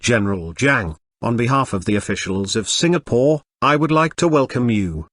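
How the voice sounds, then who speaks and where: A man's voice: medium pitch, expressive, normal speed, fairly bright tone, no echo. A man reading the lines of a formal male government official giving a polite welcome.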